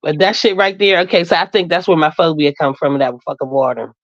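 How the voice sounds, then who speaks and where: A woman's voice: low-pitched, steady tone, quick pace, no room sound, muffled recording. A woman telling a story frankly and profanely in a casual live-stream chat, laughing often. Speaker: co-host.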